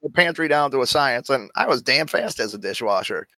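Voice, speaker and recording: A man's voice: mid-range voice, lively intonation, a little fast, pushed and bright, dry recording. A man in casual conversation, adding matter-of-fact background detail to a shared story. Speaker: podcast co-host. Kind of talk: casual chat.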